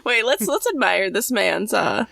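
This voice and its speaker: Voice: mid-range voice, big pitch swings, vocal fry, bright, forceful tone, no room sound. A podcast co-host making joking remarks in casual banter. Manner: joking interjections, quick laughs.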